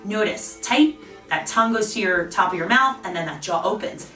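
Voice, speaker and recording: A woman's voice: mid-range voice, very animated, fairly bright tone, distant mic. Woman guiding a face exercise class. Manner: encouraging, slow guiding cues. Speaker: fitness instructor. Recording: roomy, off-mic with faint music.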